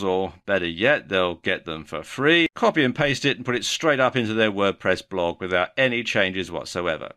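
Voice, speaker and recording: A man's voice: medium pitch, sharp tone. A man giving a video lesson on online marketing, explaining in a mildly sardonic way.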